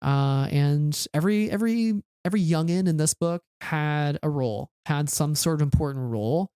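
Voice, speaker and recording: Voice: mid-range voice, moderate pace, mellow, smooth, no echo, clean studio sound. A podcast co-host in a casual book discussion, rambling with constant "like" and restarts. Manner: rambling, heavy use of "like" and restarts.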